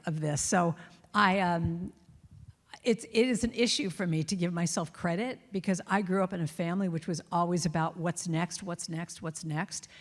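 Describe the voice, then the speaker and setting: A woman giving a storytelling talk to a congregation, lively and self-mocking, acting out her inner critic's voice. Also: lowish voice. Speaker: guest speaker. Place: large reverberant church hall. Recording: long hall reverb.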